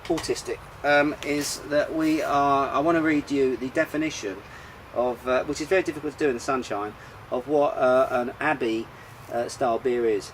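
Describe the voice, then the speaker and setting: A man hosts a casual beer show outdoors in the sunshine, rambling and chatty with plenty of fillers and restarts. His mid-range voice is steady and moves at a normal speed. The low-quality recording has a little hiss or hum.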